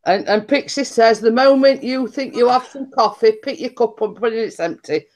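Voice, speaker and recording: A woman's voice: on the high side, normal speed, darkish tone. A woman chatting casually, giggling and teasing her friends. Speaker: host. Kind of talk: casual chat.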